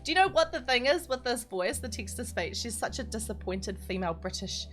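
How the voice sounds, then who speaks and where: A woman's voice: fairly high pitch, lively intonation, brisk, a bit bright. A woman, streaming live, chatting and giggling as she reads out chat messages between explanations. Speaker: streamer teaching map building. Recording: background music under the voice.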